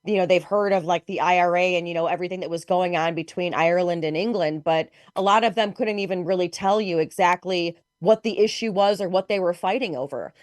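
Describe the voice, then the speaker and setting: A woman from Chicago, a guest commentator in an interview, talking in a chatty, animated way with many fillers. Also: on the low side, a little fast, few pauses, no room sound. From Chicago, United States. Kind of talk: interview conversation.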